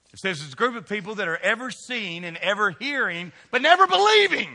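A man with a Kentucky accent preaches a sermon in a church, folksy and teasing as he calls on people in the pews. His voice is bright and forceful, and it rings out into a long-reverb hall. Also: a little high. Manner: folksy, teasing congregation members by name. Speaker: pastor. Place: church sanctuary.

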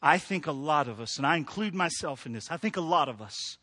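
A middle-aged man preaching a sermon, animated, building to emphatic peaks and dropping soft. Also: on the high side, fairly quick. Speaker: pastor.

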